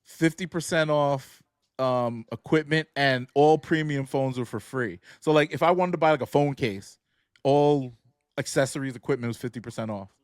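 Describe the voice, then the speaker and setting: A man's voice: mid-range voice, moderate pace, no room sound, clean studio sound. A man co-hosting a sneaker podcast, telling stories in casual chat and laughing often. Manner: laughs often, relaxed storytelling. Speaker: podcast co-host.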